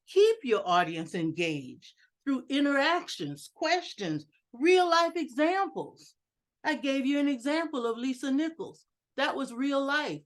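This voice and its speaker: A woman with a fairly high voice teaches in a slow, measured way over a video call. She leans on words for emphasis, swings her pitch up and down on purpose, and laughs at her own clumsiness with the equipment. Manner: deliberate, varies pitch and loudness for emphasis; self-mocking humor about her technical skills. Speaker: educational speaker at a club meeting. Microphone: video call computer mic.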